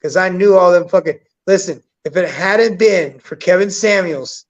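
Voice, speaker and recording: A man with a high voice tells a story in blunt, profane, casual chat. He acts out quotes with a lot of energy. The recording sounds dull and lo-fi. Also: moderate pace.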